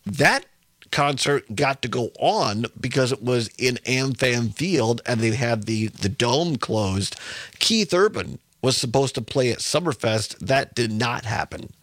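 A male radio talk show host speaking slowly and carefully, his mouth still numb from dental anesthetic, with self-deprecating humor. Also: mid-range voice, lively intonation, fairly bright tone, dry recording. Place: radio studio. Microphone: studio microphone.

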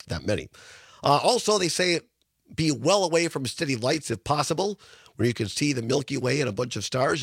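A man's voice: mid-range voice, a bit bright, breathy edge, no echo. A man hosting a local radio talk show, chatty and full of fillers, with a scratchy voice from being sick. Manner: chatty, with many fillers and restarts. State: hoarse from illness.

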